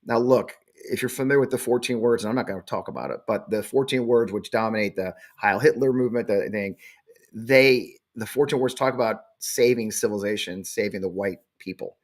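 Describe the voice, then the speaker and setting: A man's voice: on the low side, fairly quick. A man in his forties hosting a live show, blunt, defiant and profane. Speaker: show host.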